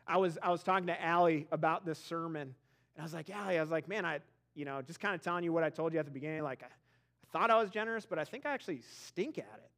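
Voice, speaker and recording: A man's voice: a little high, fast talker, fairly bright tone. A man preaching a sermon as pastor, conversational and self-deprecating, moving into an earnest prayer.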